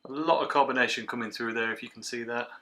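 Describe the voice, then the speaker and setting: A man giving a casual beer review from home, chatty and relaxed, with plenty of filler sounds. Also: mid-range voice, fast. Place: at home, indoors.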